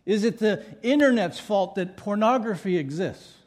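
A man's voice: high voice, animated, normal speed. A middle-aged male pastor preaching a sermon with emphatic repetition and playful asides.

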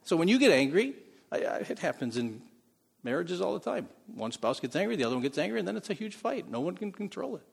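A male pastor with a husky, slightly breathy voice preaches in a conversational way, often chuckling and shifting between quiet, intimate lines and louder bursts. His voice carries a long reverb, as if filling a large church sanctuary. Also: high-pitched, very animated, fairly quick. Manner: conversational preaching with frequent laughs, swings from soft to loud. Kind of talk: sermon.

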